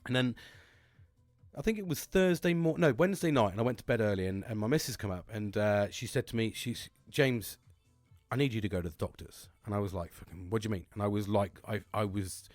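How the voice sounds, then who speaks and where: A man's voice: on the low side, brisk, a little mellow, no room sound, faint music behind. A man telling a long casual story, rambling and swearing constantly as a podcast host.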